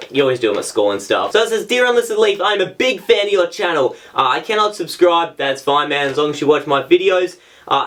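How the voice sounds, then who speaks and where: A young man with a slightly high voice talks through his fan mail at home. He is excitable and slangy, with loud exclamations that keep the chat casual. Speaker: YouTuber opening fan mail.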